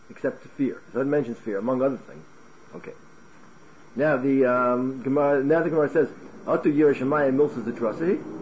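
A man teaching a Talmud class in an animated way, firing off rhetorical questions and restarting his words. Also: medium pitch, dull audio. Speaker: Torah teacher.

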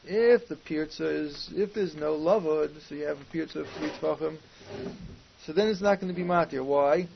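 Gravelly man teaching a Talmud class. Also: on the high side, moderate pace. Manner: questioning, reasoning aloud with Hebrew and Aramaic terms. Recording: muffled lo-fi recording with faint hiss.

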